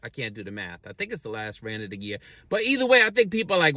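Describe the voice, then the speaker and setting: Male host, unscripted solo rant; blunt, profane, sarcastic delivery with a forceful tone. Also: medium pitch, very animated, fast, dry recording. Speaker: host of a weekly rant show.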